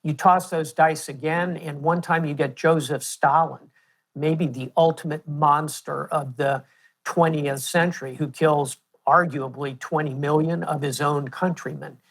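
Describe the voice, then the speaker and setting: A man in his sixties with an American accent, a guest answering interview questions in a measured, storytelling way. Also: fairly high pitch, steady tone, fairly bright tone. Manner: measured, storytelling with historical examples. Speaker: guest, retired admiral.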